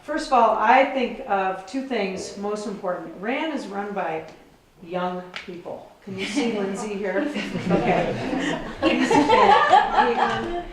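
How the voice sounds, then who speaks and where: A woman's voice: medium pitch, unhurried, a crowd in the background. A middle-aged woman from Minnesota giving rambling, self-deprecating remarks at a benefit event, chatty and informal. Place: large echoey event room. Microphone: distant room mic. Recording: roomy echo, far from mic.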